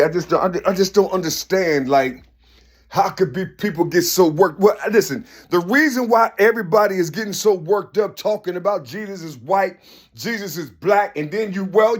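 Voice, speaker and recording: A high-pitched man holds forth in a loose, rambling monologue, circling back with "you see" again and again. He swears freely and pushes his voice up hard when he wants to stress a point. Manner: repetitive, keeps saying "you see", profane; emphatic, raises voice at points. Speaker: vlogger.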